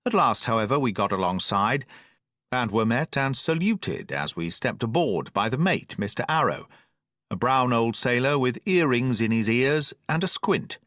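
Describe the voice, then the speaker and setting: A man narrating a classic adventure novel as an audiobook, in a steady, expressive storytelling manner. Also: medium pitch, no echo, studio quality.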